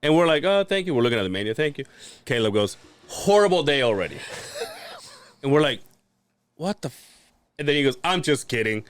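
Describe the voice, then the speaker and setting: A man's voice: medium pitch, very animated, fairly quick, long pauses, smooth, no echo. A man co-hosting a podcast, telling rambling stories in casual chat, swearing freely and laughing often. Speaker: podcast co-host.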